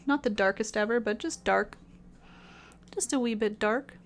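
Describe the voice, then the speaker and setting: A woman's voice: fairly high pitch, normal speed. A woman teaching painting on a live stream, chatty and laughing often as she answers her chat.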